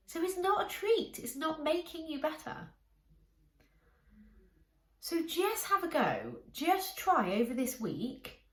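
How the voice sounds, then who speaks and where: A woman coaching her listeners in a calm, encouraging way, speaking directly to them. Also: medium pitch. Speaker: life coach. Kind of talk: coaching talk to camera. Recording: echoey room.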